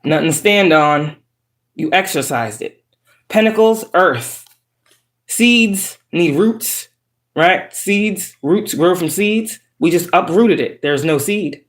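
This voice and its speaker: A woman's voice: on the low side, animated, slow. A woman tarot reader chatting casually to her viewers, outspoken and profane. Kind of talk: casual tarot reading chat. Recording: roomy echo.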